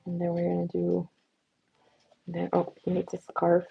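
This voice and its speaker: A woman's voice: lowish voice, monotone, normal speed, vocal fry, slightly rough, no echo, highs cut off. A young woman hosting a casual drawing livestream, chatty and giggly, laughing at her own doodles as she talks. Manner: giggly, chatty, self-mocking.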